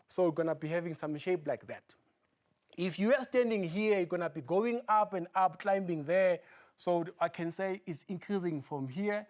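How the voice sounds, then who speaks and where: A maths teacher giving a video lesson, asking rhetorical questions and repeating key terms, often trailing off quietly at phrase ends. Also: medium pitch.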